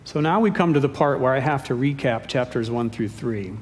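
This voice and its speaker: A man preaching a sermon as pastor, with playful, self-deprecating humor. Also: fairly quick. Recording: echoey hall with faint rumble.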